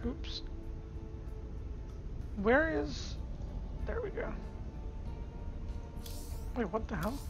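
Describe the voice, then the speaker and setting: A woman's voice: high-pitched, sing-song, drawn-out words, long pauses, over music. A woman streamer giving casual esports commentary, chatting straight to her viewers from a home streaming setup. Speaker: streamer and caster.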